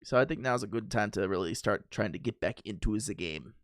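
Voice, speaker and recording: A man's voice: fairly low pitch, fairly quick, no room sound, clean studio sound. A man chatting casually to his viewers while streaming a game, rambling with fillers and easy laughs. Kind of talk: casual gaming stream chat.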